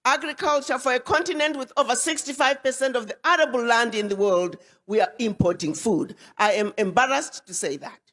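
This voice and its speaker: Woman ambassador, high voice, emphatic public address in a reverberant hall. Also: brisk, hardly any pauses, a bit bright. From Ghana. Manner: emphatic, repeats words for weight. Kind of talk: public speech to an audience.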